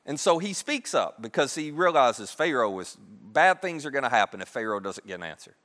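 In a large hall, a man preaches a sermon with a mid-range, brisk voice. He retells a Bible story in a lively, conversational style, acting out what the characters say.

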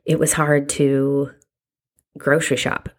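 Woman, very low voice, candid personal testimony, reflective, halting. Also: little pitch movement. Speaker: mother sharing a personal story.

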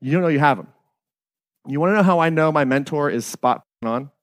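A man's voice: on the high side, brisk, no echo, clean studio sound. Casual, profane man leading a workshop. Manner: casual, profane, asks the audience "right?" and "who follows?". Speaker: workshop leader. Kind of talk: live workshop talk. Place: live workshop venue.

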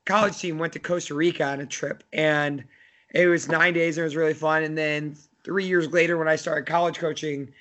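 A man's voice: fairly high pitch, little pitch movement, fairly quick, fairly bright tone. A man in his thirties, a college soccer coach, chatting casually on a podcast in a rambling way full of fillers and restarts.

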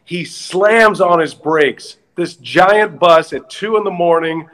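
A man chatting casually as a guest, telling animated stories with laughter and acting out quotes in a raised voice. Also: sits high, slow pace, poor audio. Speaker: guest, former baseball broadcaster. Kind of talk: casual storytelling chat.

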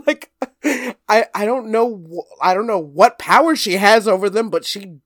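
A podcast guest spinning a long, rambling story, full of "like" and swearing, who slips into quick impressions of others. The voice sits mid-pitch and is recorded dry and close. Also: fairly bright tone, no room sound. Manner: rambling, swears freely, fills with "like", mimics others. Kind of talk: casual storytelling.

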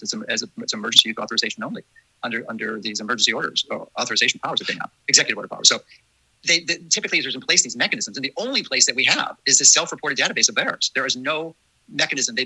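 A man's voice: mid-range voice, bright, forceful tone, husky, no room sound, rough recording. A man hosting a casual discussion, talking earnestly and emphatically, often restarting his sentences.

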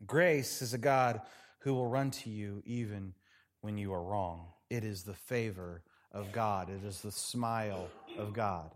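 A male pastor preaching a sermon in a church, dramatic, swinging from loud passages to hushed ones. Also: on the low side, a little slow.

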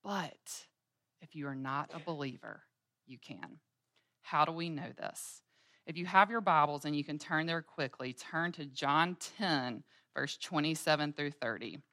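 A woman's voice: low-pitched, a little slow, fairly bright tone, dry recording, studio quality. A woman in her thirties teaching a women's Bible study, telling everyday stories in an earnest way. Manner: earnest storytelling, acting out everyday scenes with quoted voices.

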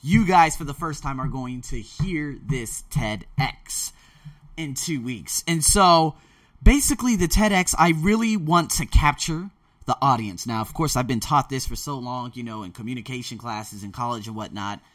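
A man talking in a casual, rambling monologue, excitable and often losing his thread before starting over. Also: mid-range voice, normal speed. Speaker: podcast host preparing a talk.

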